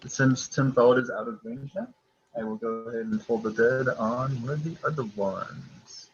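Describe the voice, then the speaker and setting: A man's voice: mid-range voice, moderate pace, dull audio, a little hiss or hum. A man playing in a tabletop game, speaking casually with hesitant phrasing. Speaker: player.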